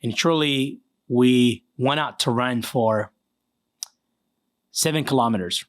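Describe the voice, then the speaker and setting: A man with an Iraqi accent, a former soldier, telling his story in a casual interview, lively and swearing freely. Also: medium pitch, takes it slowly, no room sound, studio quality. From Iraq. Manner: animated storyteller, swears freely, acts out quotes.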